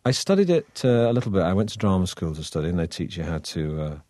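A deep-voiced man from the north of England, his northern accent smoothed toward received pronunciation. He talks in a loose, wry, chatty way, full of ums and false starts. The sound is close and dry. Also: very animated, fast, warm tone, no echo. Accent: northern English, softened toward received pronunciation. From Manchester, England. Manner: chatty and wry, with frequent fillers and restarts. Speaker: actor guest. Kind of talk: relaxed conversational interview.

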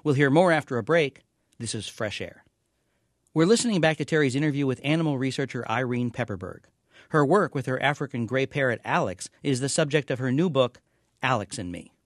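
A man reading scripted radio announcements in a smooth, formal way. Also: medium pitch, lively intonation, a little fast, dry recording, clean studio sound.

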